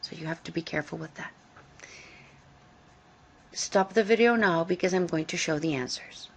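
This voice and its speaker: A woman teaching English grammar in a recorded lesson, speaking deliberately and repeating key words for emphasis. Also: on the low side, slight background noise.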